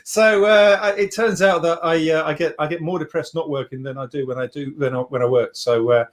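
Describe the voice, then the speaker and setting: A man's voice: on the high side, steady tone, a little fast. Middle-aged man, podcast guest on a remote call, loose rambling delivery with self-deprecating asides. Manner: rambling, self-deprecating, frequent restarts and fillers. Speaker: podcast guest, software CEO. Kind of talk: casual podcast chat.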